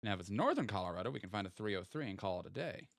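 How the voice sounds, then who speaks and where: A man live-streaming a geography game, chatting casually as he reasons out each location. His pitch leaps around animatedly, and he ribs his viewers with playful banter. The sound is dry and close. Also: big pitch swings, very fast, gravelly, no echo. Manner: thinks aloud, playful teasing of chat.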